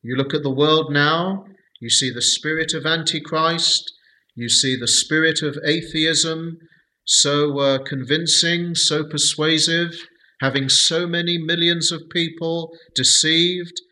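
Slow, bright-voiced man teaching scripture. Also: fairly high pitch, fairly even intonation, rough recording. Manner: slow and deliberate, many "uh" fillers. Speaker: Bible study teacher. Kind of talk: Bible study teaching.

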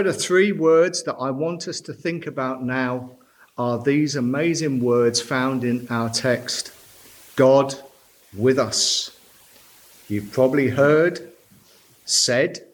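Guy preaching from a church pulpit, slow and careful, leans hard on key words. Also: mid-range voice. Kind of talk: sermon.

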